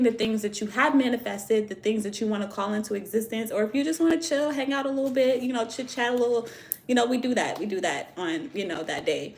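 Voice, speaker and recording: A young woman from Virginia hosting a tarot live stream, chatting in a loose, slangy, profane way. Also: mid-range voice. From Virginia, USA. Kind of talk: casual live-stream chat.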